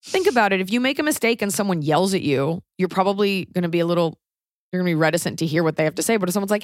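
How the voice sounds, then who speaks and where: Racing along in animated casual chat, the thirty-something co-host stays blunt and wry, doing quick impressions of the people she quotes. The sound is close and dry, without echo, and her voice sits a bit low.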